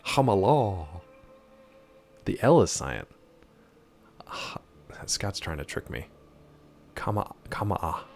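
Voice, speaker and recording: Man, streamer, casual gaming chat, playful, teasing, low voice, lively pitch. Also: takes it slowly, long pauses, faint music behind.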